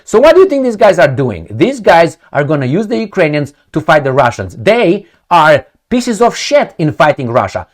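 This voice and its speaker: A man's voice: high-pitched, big pitch swings, moderate pace, few pauses. An irritated man reads news articles aloud and rips into them, swinging his voice up and down as he talks. His tone stays sarcastic and profane, and he speaks straight to his audience as a solo commentator. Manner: angry, sarcastic, ranting; profane, addresses viewers directly. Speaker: political commentator.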